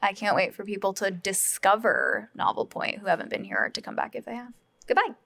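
A woman's voice: mid-range voice, expressive, brisk, gravelly, a bit bright. A woman co-hosting a podcast, asking frank, probing questions in a casual way and cursing freely. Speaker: podcast co-host.

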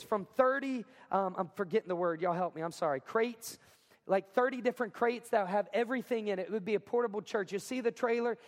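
A man preaching as a pastor, talking in an energetic, emphatic way and repeating lines for effect. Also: high-pitched, long reverb tail. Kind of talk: sermon. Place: school cafeteria or gym used as a church.

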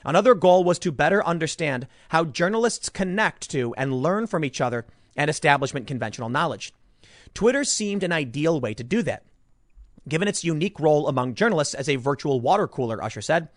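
A man's voice: on the high side, animated, fairly quick, no room sound, clean studio sound. A man giving sarcastic political commentary, reading an article aloud with mocking asides.

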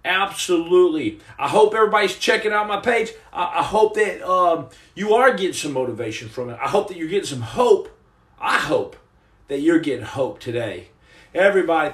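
A man with a somewhat high voice, heard in a reverberant space, hosts a comedic livestream. He reads viewer comments and rambles through jokes, stammering and restarting as he goes.

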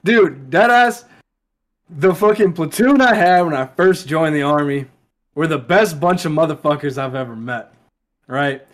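A young man chatting on a podcast, loose, profane and emotional, laughing often. His voice sits a little high. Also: lively intonation, measured pace. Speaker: podcast guest, soldier. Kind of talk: casual chat.

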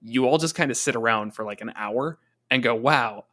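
A man co-hosting a casual tabletop gaming talk, chatty, often slipping into quick voices for monsters and players. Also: medium pitch, pushed and bright. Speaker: podcast co-host, game master.

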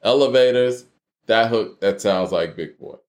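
A man's voice: lowish voice, a little slow. A man hosting a casual live-streamed debate, loose and conversational, reading viewer messages aloud. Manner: loose and conversational, many fillers, walks through examples. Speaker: host reading super chats.

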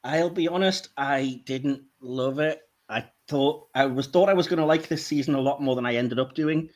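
A man co-hosting a casual podcast, a little hoarse, candid and wry, often laughing. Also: medium pitch, normal speed, a little hiss or hum. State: slightly hoarse. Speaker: podcast co-host.

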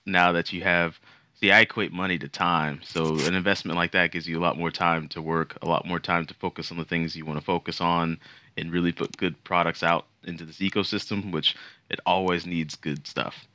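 A man's voice: low-pitched, flat delivery, a little fast, bright, forceful tone, no echo. A man hosting a podcast in casual chat, joking and playful. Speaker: podcast host.

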